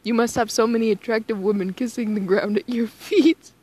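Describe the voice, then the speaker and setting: A woman voicing a doting, fussy old grandmother with a put-on Spanish-tinged accent, slightly louder and higher than her own reading. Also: fairly even intonation, a little fast, close to an everyday voice.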